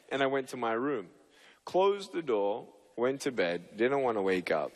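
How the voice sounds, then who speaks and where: Animated and speaking at normal speed, a young man with a mid-range voice delivers a motivational talk before a live audience. He plays out both sides of a dialogue while telling his story. It was captured in a large, reverberant stage hall.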